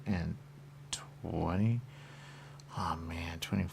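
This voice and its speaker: In a radio studio, a radio host with a very deep, gravelly voice full of vocal fry rambles through a monologue, looping phrases again and again and breaking into sudden loud bursts. His intonation stays fairly even, his pace is slow, and he pauses often. A faint hiss runs beneath his voice.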